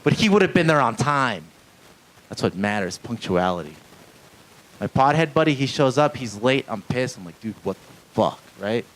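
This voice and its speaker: A man's voice: mid-range voice, very animated, normal speed, fairly bright tone, rough recording. A stand-up comedian, a man with an ordinary mid-range voice, works a small club crowd from a handheld mic. He rambles, pokes fun at himself and curses freely between jokes, and a faint hiss sits under the live recording. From Mexican-American family. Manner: rambling, self-deprecating, crowd work with frequent profanity.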